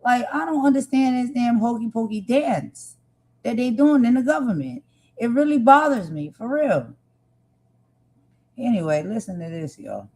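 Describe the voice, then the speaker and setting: A woman's voice: fairly high pitch, big pitch swings, normal speed, a little mellow, rough recording. A woman hosting a live stream, talking with feeling and emphasis, repeating her points and speaking straight to her viewers. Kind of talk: impassioned live stream commentary.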